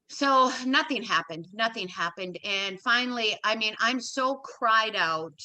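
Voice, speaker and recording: Speaking with a fairly high, sharp voice, this middle-aged interviewee is animated and unhurried, barely pausing at all. She recounts an emotional story from her own life, quoting what people said and repeating key words for emphasis.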